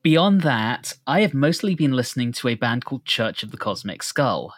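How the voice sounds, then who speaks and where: Relaxed man, dry podcast voice. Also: mid-range voice, no echo. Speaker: podcast co-host. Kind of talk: casual chat.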